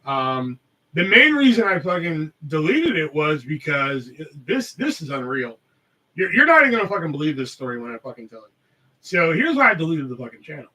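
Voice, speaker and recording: Man, podcast host, rambling profane chat, highish voice, distant from mic. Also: pushed and bright. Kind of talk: casual live-stream chat.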